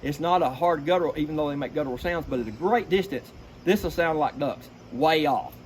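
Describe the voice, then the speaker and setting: A middle-aged man explains duck calling in a folksy, animated way, breaking into duck-call sounds as he talks. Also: a little high, fairly quick. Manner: folksy, animated, imitates duck calls mid-sentence. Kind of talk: casual explanatory chat with vocal demonstrations. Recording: noisy background.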